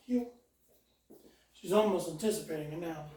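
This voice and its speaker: A dog trainer giving calm instructions while walking a dog, mixing explanations with short praise and commands. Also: mid-range voice, unhurried, pauses often. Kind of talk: hands-on dog training lesson. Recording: roomy sound, mic far off.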